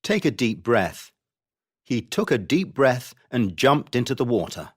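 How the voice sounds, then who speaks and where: Lively, slow-reading man. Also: mid-range voice. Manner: clear, expressive reading of examples. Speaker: textbook audio reader. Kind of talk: scripted vocabulary reading.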